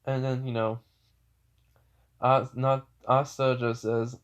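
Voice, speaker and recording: A man's voice: medium pitch, little pitch movement, slow, pauses often, clear, resonant tone. A man casually retelling a fan story, rambling with many fillers and self-corrections.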